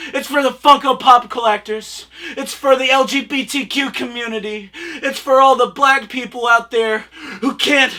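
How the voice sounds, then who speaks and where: A channel host giving a comic, overwrought product review, swinging into tearful, preachy shouting. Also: high-pitched, steady tone, moderate pace. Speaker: reviewer hosting own channel. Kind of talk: comedic over-the-top product review.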